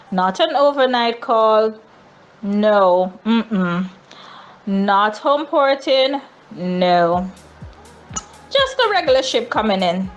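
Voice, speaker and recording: A Jamaican woman hosts a daily travel news segment for a travel company, sounding lamenting and sarcastic and letting out high, mock-cheerful whoops.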